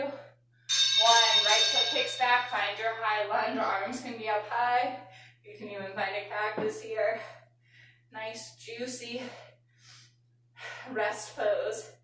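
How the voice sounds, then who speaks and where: A woman's voice: a little high, steady tone, takes it slowly, long pauses, bright, forceful tone. A woman leading a live workout class, coaching with counts and audible exhales while out of breath. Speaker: fitness and yoga instructor. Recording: very echoey room, distant mic, faint noise.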